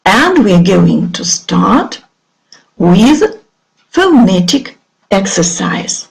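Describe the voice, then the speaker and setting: Teaching English online, a middle-aged woman with a Russian accent speaks clearly and drills words slowly, pausing for her pupils to repeat. Her voice sits in the mid range and is very animated, though the audio quality is poor.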